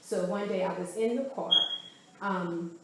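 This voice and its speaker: Her voice sits on the low side and her pace is measured, though the recording is very noisy. She recounts events with animation during a conversational interview, often voicing what others said. Faint background ambience fills a very echoey room.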